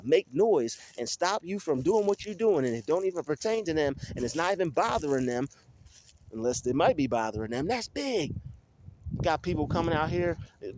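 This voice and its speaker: Man, slightly high voice, emphatic and preachy, faint background noise. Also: darkish tone. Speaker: motivational vlogger. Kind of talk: casual motivational monologue.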